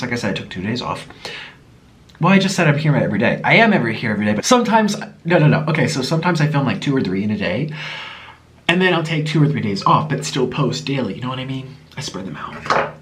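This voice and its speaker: A man hosting a casual eating show, chatting while he eats. His voice sits a bit high and swings widely in pitch. He laughs easily and slips into cooing talk for his pet. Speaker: mukbang host.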